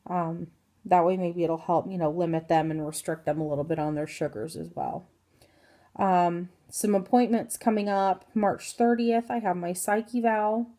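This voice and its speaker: A woman's voice: fairly low pitch, fairly even intonation, moderate pace, dark tone. A woman in her thirties from Indiana giving a rambling, casual health update to her phone camera, full of ums and self-corrections. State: hiccups. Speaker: vlogger.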